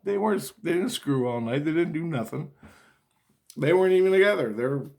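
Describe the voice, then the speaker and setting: A man's voice: a little high, animated, a little fast, a little mellow. Profane, rambling man venting. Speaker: vlogger. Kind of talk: rambling personal monologue.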